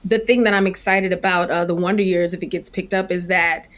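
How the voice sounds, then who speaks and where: A middle-aged actress being interviewed, telling lively anecdotes and acting out quotes from others. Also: female voice, on the low side, a little fast. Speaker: actress guest. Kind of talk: animated storytelling.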